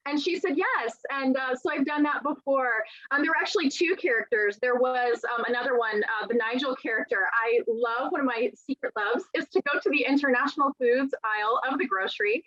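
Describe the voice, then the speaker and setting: A middle-aged woman author in a conversational interview, telling lively stories and acting out quoted dialogue. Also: high voice, brisk, hardly any pauses. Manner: animated storyteller, acts out quoted dialogue. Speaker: author guest. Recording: dull, lo-fi sound.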